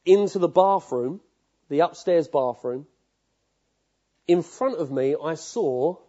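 A male preacher with a slightly high, mellow voice and a husky edge, heard on a dull lo-fi recording. He preaches with vivid storytelling and often turns to ask his listeners questions. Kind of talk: sermon.

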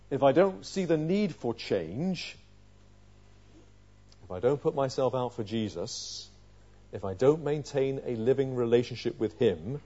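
A male preacher delivering an emphatic sermon, full of rhetorical questions, dropping quiet and then rising loud. His voice is mellow and dark. The recording is slightly dull and lo-fi. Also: mid-range voice.

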